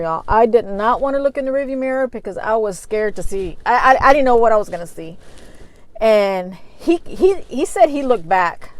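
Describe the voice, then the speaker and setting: A middle-aged woman, telling a personal story to her viewers in a casual, animated way. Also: on the high side, low-quality recording. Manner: animated, addresses viewers as y'all. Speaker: vlogger.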